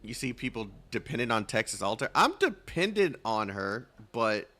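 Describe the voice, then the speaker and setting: A man's voice: mid-range voice, very animated, normal speed, bright, forceful tone. A man streaming a game, chatting casually and reading dialogue aloud, rambling and self-mocking as he stumbles over names.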